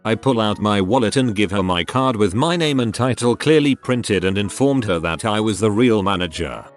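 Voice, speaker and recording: A man reading online stories aloud as a narrator, in a steady, even storytelling manner. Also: lowish voice, normal speed, soft background music.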